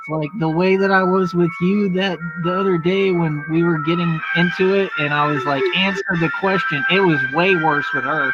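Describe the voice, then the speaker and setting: A woman's voice: on the low side, fairly even intonation, moderate pace, hardly any pauses. A woman hosting a livestream in casual chat, blunt and crude, telling stories with acted-out quotes. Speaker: livestream host. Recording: dull lo-fi audio with music.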